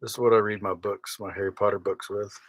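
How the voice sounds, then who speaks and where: A fast-talking man with a lowish, fairly flat voice chats casually on a live stream from a small sailboat cabin at night. He reads viewer comments aloud with wry mock outrage, over slight background noise in poor audio.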